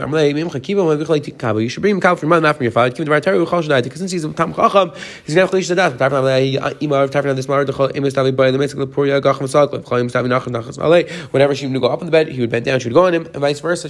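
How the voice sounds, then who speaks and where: A man giving a daily Talmud page lesson, reading the Aramaic text in quick bursts and explaining it in English. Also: medium pitch. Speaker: Talmud teacher.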